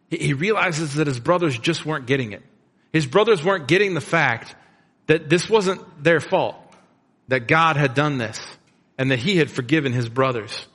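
A man's voice: mid-range voice, fairly bright tone. A middle-aged man preaching a sermon as a pastor, retelling the story in a casual, conversational way with plain slang. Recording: long reverb of a large room.

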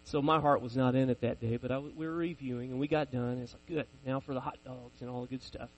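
A man's voice: mid-range voice, fairly even intonation, fast talker, poor audio. A man in his forties preaching a sermon, telling personal stories in a conversational, self-deprecating way.

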